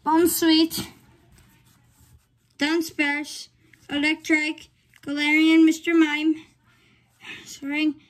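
High-voiced woman calmly calling out cards. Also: drawn-out words, pauses often. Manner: reads off names one by one in short phrases. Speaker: channel host. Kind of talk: casual card-opening commentary.

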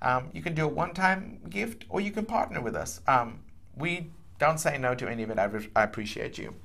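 A man praying over donors in a fervent telethon appeal, his voice gravelly and bright. He declares and decrees in loud swells, then slows down to read out addresses and numbers. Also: a little high, expressive. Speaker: pastor leading a telethon prayer.

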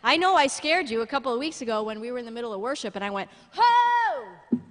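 A middle-aged woman pastor preaching a sermon in an animated way, often laughing and building to loud emphatic peaks. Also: on the high side, very fast. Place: church sanctuary. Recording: long church-hall reverb.

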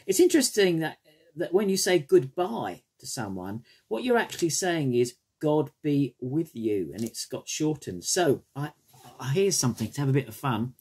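Guy preaching, husky voice, pitch swinging all over, trails off quiet at the ends. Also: moderate pace. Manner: expressive preaching with wide pitch swings, dropping soft at phrase ends. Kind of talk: sermon.

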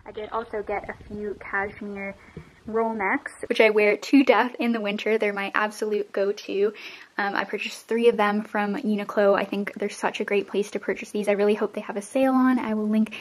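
A woman's voice: mid-range voice, little pitch movement, normal speed. A young woman from Canada, chatting casually to camera at home and gushing over new clothes in a vlog. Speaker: vlogger.

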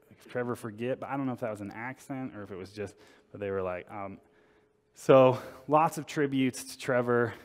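A man giving a humorous storytelling talk at a conference, casual and wry, acting out quotes as he goes. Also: mid-range voice. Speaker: conference speaker. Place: conference hall. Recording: long reverb in a conference hall.

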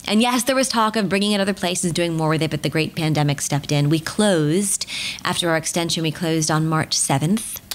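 An American woman and musical theatre performer, telling stories as a guest in a chatty podcast interview with big swings in her pitch. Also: a little fast.

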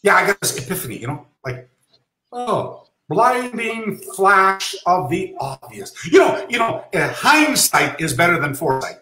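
A man and karate master telling an anecdote, lively and acting out dialogue, dropping Japanese terms into his speech. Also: high-pitched, unhurried, reverberant, poor audio. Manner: animated, acts out remembered dialogue. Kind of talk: anecdotal storytelling.

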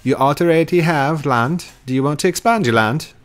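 A man's voice: on the high side, moderate pace, pitched above the performer's own voice, lightly acted. A man voicing a chirpy male land store clerk in a video game, with upbeat sales patter. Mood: salesy.

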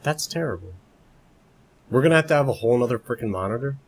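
Husky-voiced man streaming a game. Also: mid-range voice, lively intonation, fast talker. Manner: chatty, muttering to himself, bursts into playful shrieks. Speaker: video game live streamer. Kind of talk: live gameplay commentary. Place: home room, roommate asleep nearby.

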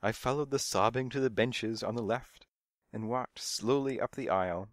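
A man's voice: medium pitch, moderate pace, no room sound. A man narrating a first-person storybook mystery in a dry, wry manner. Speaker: audiobook narrator.

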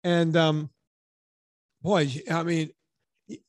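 A man's voice: fairly high pitch, drawn-out words, dry recording, studio quality. Ranting man hosting a podcast. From Louisiana. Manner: animated, ranting, profane. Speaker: podcast host. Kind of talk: casual chat.

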